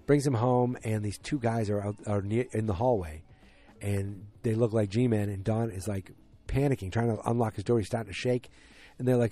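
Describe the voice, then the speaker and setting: Mellow low-voiced man rambling through a recap. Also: moderate pace, faint music behind. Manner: rambling, many fillers and restarts. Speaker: TV show recapper. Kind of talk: casual episode recap.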